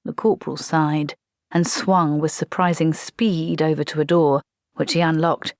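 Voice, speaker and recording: A woman reading a comic fantasy audiobook in a steady, measured way. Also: low voice, dry recording, studio quality. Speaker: audiobook narrator. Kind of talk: scripted narration.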